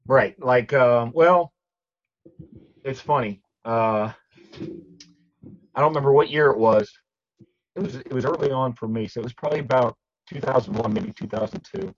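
A man co-hosting a podcast, casually telling anecdotes in an animated way. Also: normal speed, long pauses, lo-fi sound. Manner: animated storyteller, jumps high for quoted shouts. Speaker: podcast co-host. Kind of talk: casual storytelling chat.

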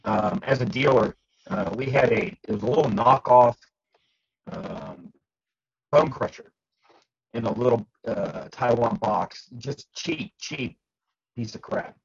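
A man co-hosting a podcast, casually telling anecdotes in an animated way. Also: slow pace, creaky, pauses often, slightly rough, highs cut off. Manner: animated storyteller, jumps high for quoted shouts. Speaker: podcast co-host. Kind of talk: casual storytelling chat.

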